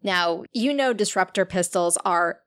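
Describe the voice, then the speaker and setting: A woman's voice: on the low side, measured pace, fairly bright tone. A woman narrating a tabletop role-playing game as game master in the second person.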